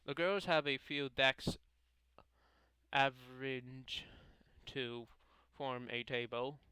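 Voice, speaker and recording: A man reading a visual novel aloud in a casual playthrough, halting and stumbling over names as he corrects himself. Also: medium pitch, steady tone, bright, forceful tone, clean tone, dry recording, poor audio. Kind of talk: casual game playthrough narration.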